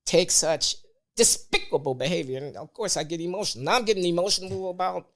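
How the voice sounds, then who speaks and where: A man speaks as a guest on a podcast. He talks in a measured, deliberate way. He stresses his key words firmly. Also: high-pitched, a bit bright. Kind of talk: conversational opinion talk.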